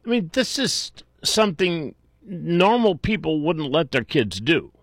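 Blunt talk-radio host, dry sound. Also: male voice, fairly high pitch, lively intonation, dry recording. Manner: blunt, frequent restarts, quick bursts. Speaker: radio call-in show host.

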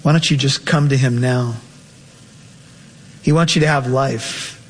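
A man's voice: fairly even intonation, a little slow. Man preaching in a reverberant hall. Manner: impassioned preaching, rising high on emotional quotes. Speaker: pastor. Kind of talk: sermon.

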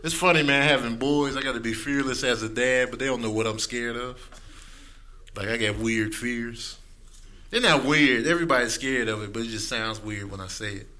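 A man's voice: mid-range voice, normal speed, pushed and bright. A man in his thirties doing a stand-up comedy set, acting out characters in raised voices.

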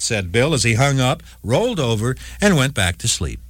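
A man's voice: medium pitch, very animated, normal speed, hardly any pauses, a bit bright, dry recording, clean studio sound. A man hosting a short radio segment on the law, telling a court case in scripted narration. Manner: storytelling, voices quoted speakers lightly. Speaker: legal segment host.

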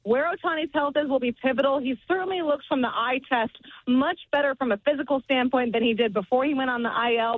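A woman's voice: high-pitched, no echo. Woman beat reporter, analytical, tinny phone line, dry sound. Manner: analytical, measured. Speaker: baseball reporter. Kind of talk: radio interview.

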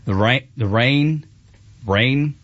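A man's voice: mid-range voice, takes it slowly, a bit bright, no echo, lo-fi sound. A man with a Southern US accent, a country radio host chatting casually, laid-back and drawling, often laughing.

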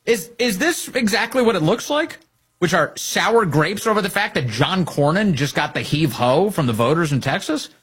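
A man delivers opinionated political commentary with open sarcasm and mockery. His pitch swings widely as he talks, and his voice sits a little high with a husky edge. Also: moderate pace. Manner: sarcastic, mocking, animated.

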